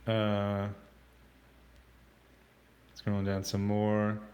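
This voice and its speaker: A man hosting a casual livestream, reading out chat comments in a rambling, halting way with many fillers and restarts. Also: fairly low pitch, completely flat delivery, a little mellow, muffled recording.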